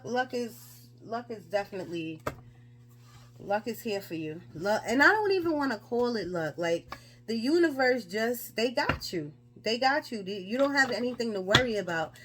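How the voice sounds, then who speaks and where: A woman's voice: on the high side, fairly bright tone. Emphatic woman giving a chatty tarot reading. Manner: chatty and emphatic, with lots of rhetorical questions. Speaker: tarot reader.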